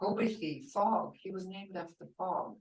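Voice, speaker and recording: An older woman teaching a language class, speaking slowly and patiently and repeating words for her learners. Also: fairly low pitch. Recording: roomy and distant from the mic.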